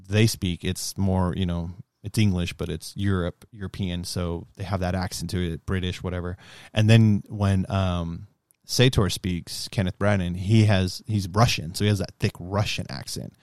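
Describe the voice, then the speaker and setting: A man talking in a casual, profane chat, loud and animated, whose voice jumps up high when he gets heated. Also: no echo, studio quality.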